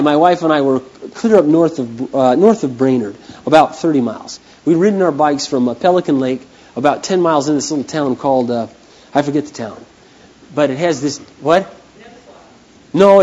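A man preaching a sermon as a pastor, telling stories with an animated manner that swings from hushed to loud. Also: sits high, rough recording. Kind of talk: storytelling sermon.

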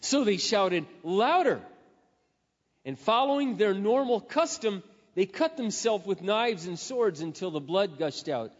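A man with a high voice preaches a sermon, telling a scripture story dramatically and dropping from loud passages into hushed asides. His voice carries a long hall echo. The recording sounds dull and lo-fi. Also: animated, measured pace.

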